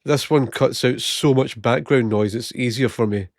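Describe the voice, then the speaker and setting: A man tells casual stories on his vlog, slightly short of breath from a chest infection and often laughing at his own tales. His mid-range voice moves at a moderate pace, captured close up on a new gated microphone with clean studio sound and no room sound.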